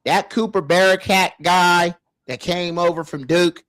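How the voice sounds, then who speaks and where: A man hosting a casual sports talk show, animated, laughing and exclaiming often. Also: high-pitched, a little slow. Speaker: show host.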